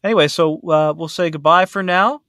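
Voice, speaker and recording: A man's voice: on the high side, fairly quick, sharp tone, clean tone, no echo. Male podcast host, chatty and rambling, full of fillers; dry recording. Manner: rambling, with many fillers and restarts. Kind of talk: casual chat.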